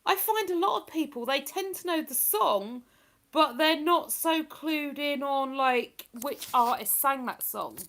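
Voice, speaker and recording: A woman's voice: sits high, expressive, a little slow, fairly bright tone. A woman chatting casually on a live stream, rambling and laughing as she reads out messages from her viewers. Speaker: live streamer reading chat.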